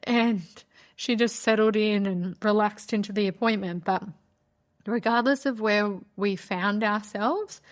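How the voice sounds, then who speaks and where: A woman's voice: mid-range voice, measured pace. A woman hosting a podcast, telling a personal story in a candid, conversational way, with a lot of "like" and a heartfelt tone. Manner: candid, conversational, frequent "like" fillers. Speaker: podcast host.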